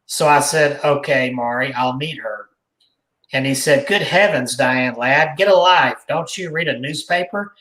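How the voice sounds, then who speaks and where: A man's voice: a little high, fairly bright tone. A man hosting a podcast, reading a news article aloud in a conversational way with his own asides. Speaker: podcast host. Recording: echoey room.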